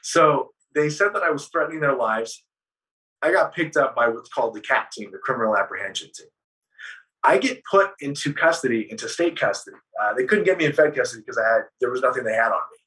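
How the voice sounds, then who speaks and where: A man with a bright, forceful voice tells his story as an interview guest, swearing freely and acting out what others said. He sits a little back from the microphone, so the sound has some distance. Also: medium pitch, a little fast. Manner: animated, profane storytelling, acting out dialogue.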